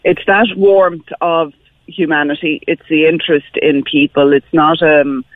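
A woman's voice: low-pitched, steady tone, unhurried, dry recording. A woman from Dublin with an Irish accent calling in to a radio chat, talking earnestly and enthusiastically with many fillers. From Dublin, Ireland. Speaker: caller. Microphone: phone. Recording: tinny phone line.

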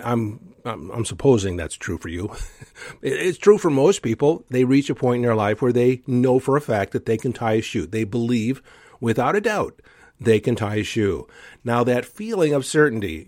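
An earnest man hosting a motivational podcast, coaching his listeners with emphatic conviction. His voice sits at an ordinary middle pitch and is recorded close and dry, with no room around it. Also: darkish tone, dry recording. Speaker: podcast host. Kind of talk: motivational solo talk.

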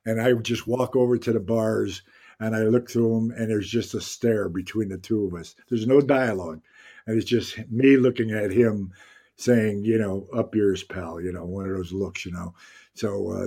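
An older man, a guest actor on an interview podcast, telling anecdotes in a casual, animated way and acting out the lines he quotes. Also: fairly low pitch, creaky, slightly rough.

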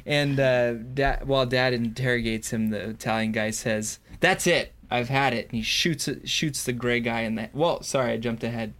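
A man's voice: medium pitch, fairly even intonation, moderate pace, few pauses, a bit bright. Joking man recapping with gangster impressions. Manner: joking, slips into put-on mobster voice. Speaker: podcast co-host. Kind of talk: casual episode recap.

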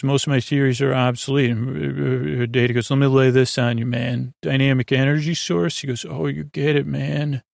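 A man hosting a podcast, loosely retelling an episode as a soft bedtime story, full of filler words. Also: medium pitch, gravelly, dry recording, clean studio sound. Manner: loose, drowsy, full of "uh" and "he goes".

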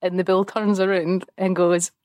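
A woman's voice: lowish voice, level tone, normal speed, darkish tone, no room sound. Laughing woman telling a folktale. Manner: laughs often, retells a folktale with playful asides. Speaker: podcast co-host. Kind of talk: casual storytelling chat.

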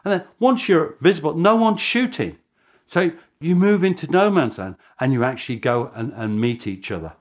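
British male historian, lively chuckling storyteller, slightly high. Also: normal speed. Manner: animated storytelling with chuckling asides. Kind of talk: documentary interview.

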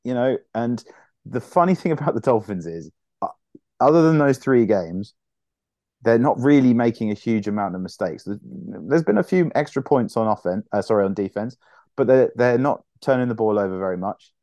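A man's voice: mid-range voice, lively intonation, moderate pace, dark tone, no echo. A man, co-hosting a casual sports podcast, rambling with frequent restarts and swearing. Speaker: podcast co-host.

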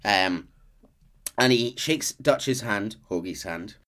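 A man's voice: lowish voice, animated, slow, fairly bright tone. A man retells a story to friends on a podcast. His delivery is loose and chatty, full of ums, restarts and asides. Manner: rambling storyteller, many ums and restarts, slips into quoted voices. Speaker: podcast host recounting a game's story. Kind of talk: casual chat.

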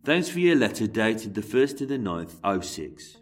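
A man voicing a gruff imprisoned letter writer in a put-on Birmingham accent, grumbling and self-important. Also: lowish voice, very animated, normal speed, recorded from a distance, faint music behind.

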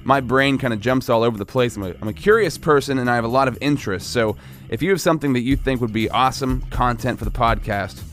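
A man's voice: mid-range voice, fast. A man with a central Pennsylvania accent hosts his podcast from a small studio. He talks loosely and jokingly, drifting from thought to thought. Faint music sits behind him. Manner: loose, rambling, joking delivery. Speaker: podcast host. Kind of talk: casual podcast chat and self-promotion.

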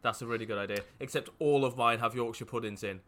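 A man co-hosting a casual podcast chat, teasing and bantering excitedly. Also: medium pitch, quick pace, noisy background. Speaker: podcast co-host.

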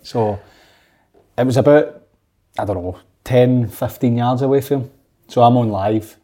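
A Scottish former footballer telling a relaxed anecdote in casual chat. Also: male voice, medium pitch, a little slow, long pauses. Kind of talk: casual storytelling.

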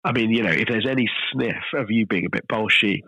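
A middle-aged man, a chef guest telling stories in a relaxed podcast interview, self-deprecating and full of restarts. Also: lowish voice, quick pace, husky, no room sound, muffled recording. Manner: chatty, self-deprecating storyteller with frequent restarts.

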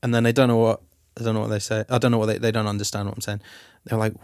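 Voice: mid-range voice, flat delivery, racing, a little mellow, no echo. A podcast host, chatting casually in a studio, cheeky and sweary, slipping into playful voices to quote people. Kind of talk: casual chat.

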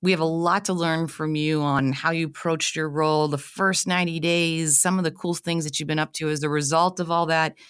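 A woman's voice: low voice, steady tone, fairly quick, hardly any pauses, a bit bright, clean tone. A woman hosting an interview, asking questions in an enthusiastic, friendly way. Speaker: podcast host.

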